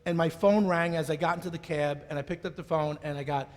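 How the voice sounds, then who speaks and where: A middle-aged man giving a keynote speech on stage, telling a story in a playful, animated way. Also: on the high side, fast. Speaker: keynote speaker. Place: conference stage in a large hall. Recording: long reverb of a large hall.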